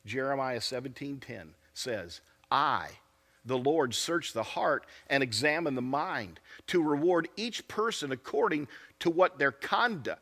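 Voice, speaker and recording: A man's voice: mid-range voice, a bit bright. A man preaching a sermon as pastor, earnest and asking his congregation questions. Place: church sanctuary.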